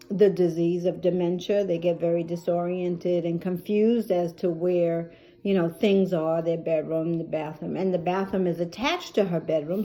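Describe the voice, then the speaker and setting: Middle-aged woman storyteller, mellow and fairly low, chatty, with lots of ums. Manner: chatty and emotional, with many fillers. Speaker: caregiver vlogger. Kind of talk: personal storytelling.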